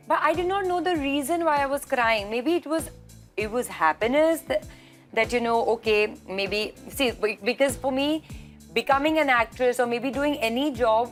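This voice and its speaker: A woman's voice: sits high, normal speed, soft background music. A woman actress answering interview questions over a video call, earnest and reflective, often restarting her sentences. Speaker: actress guest.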